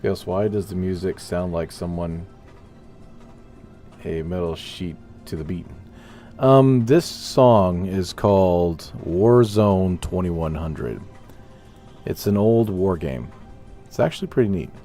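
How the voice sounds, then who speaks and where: Low-voiced man rambling through gameplay. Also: takes it slowly, pauses often, dark tone, faint music behind. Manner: rambling, self-talking, chats with viewers. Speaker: gaming streamer. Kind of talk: casual gameplay commentary.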